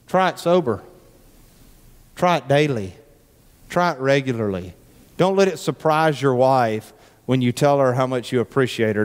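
Give me a male pastor giving a conversational, joking sermon, with a long church-hall echo. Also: medium pitch. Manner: conversational and joking, repeats words as he restarts. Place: church sanctuary.

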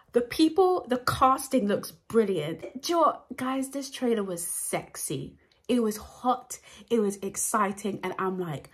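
A young woman gushing through a trailer reaction, talking animatedly and breaking into squeals and shouts. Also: medium pitch. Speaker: YouTube reaction vlogger. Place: at home at night.

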